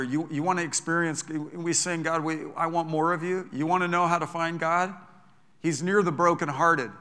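A man's voice: a little high, pushed and bright, smooth. A male pastor preaching a sermon in an enthusiastic, emphatic way, recorded in a church with long reverb.

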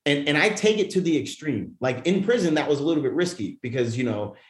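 A man telling a personal story as a podcast guest in casual talk, animated and profane, often restarting his sentences. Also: fairly high pitch, quick pace. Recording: roomy echo.

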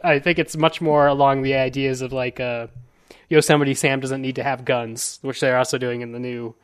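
An American man hosting a casual panel chat over a video call, halting with many fillers and restarts. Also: mid-range voice, little pitch movement, clean tone. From United States. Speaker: podcast host.

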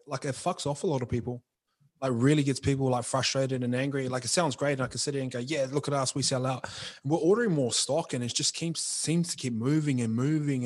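A young man talks as a podcast guest about running his clothing brand. His speech is loose and slangy, packed with fillers. He is frank and unpolished in manner. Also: mid-range voice. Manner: slangy, frank, says bro and like often. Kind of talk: casual podcast interview.

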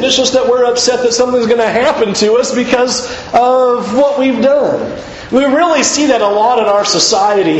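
Man, sermon, earnest and emphatic, higher voice, roomy slightly dull recording. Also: slight background noise. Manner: earnest, emphatic, rising in pitch to stress points. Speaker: preacher.

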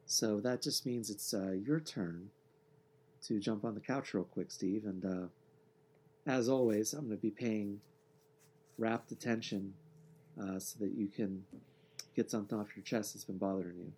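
Husky-voiced man co-hosting a podcast. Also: fairly low pitch, a little slow, long pauses, warm tone. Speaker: podcast co-host. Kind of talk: casual podcast chat.

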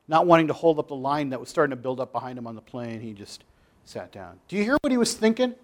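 A man delivers a sermon in a voice that sits a little high for a man. He preaches with passion, pressing hard on some lines and dropping to quiet asides on others. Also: big pitch swings, a little fast. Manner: impassioned, swings from loud emphasis to quiet asides. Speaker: pastor.

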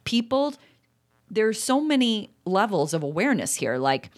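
A woman in her forties co-hosting a casual podcast, chatty and self-reflective, talking quickly at times. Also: medium pitch, big pitch swings. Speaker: podcast co-host. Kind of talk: casual chat.

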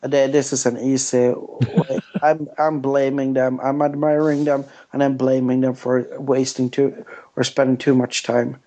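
A man from Sweden answers interview questions in a hesitant, plain-spoken way, often restarting his sentences. His voice stays flat and even throughout. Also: medium pitch, a little slow, muffled recording. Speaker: game studio guest.

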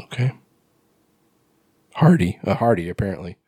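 A man's voice: sits low, very animated, moderate pace, mellow, slightly rough, dry recording, studio quality. A man co-hosting a podcast, recapping a horror film in loose casual chat, rambling with lots of fillers and swearing. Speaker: podcast co-host.

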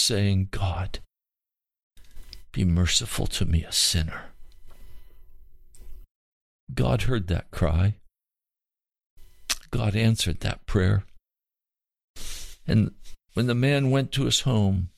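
A man voicing a gentle, earnest pastor who pleads with a dying man. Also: lowish voice, gravelly, dry recording, studio quality, full character voice.

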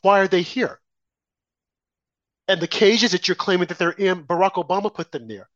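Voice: medium pitch, fairly even intonation, moderate pace, pauses often, no echo. Indignant commentator with dry lo-fi sound. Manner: indignant, rhetorical questions, mocking impressions. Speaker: political commentator guest. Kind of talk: heated opinion talk. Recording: dry, slightly dull lo-fi sound.

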